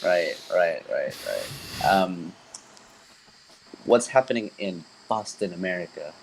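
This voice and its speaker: A young man with a very low, deep voice and a light Australian accent. He chats casually on a podcast and rambles loosely, with plenty of "like" and "um" and restarted sentences. A faint hum of noise sits behind him. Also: takes it slowly, vocal fry, low-quality recording. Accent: mild Australian. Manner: relaxed, rambling, many fillers and restarts. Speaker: band member co-hosting a podcast.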